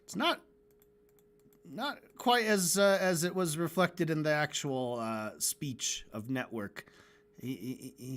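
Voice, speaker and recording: A man livestreams while animating, chatting casually, joking and swearing as he rambles through his work. His voice has a medium pitch and a fairly bright tone.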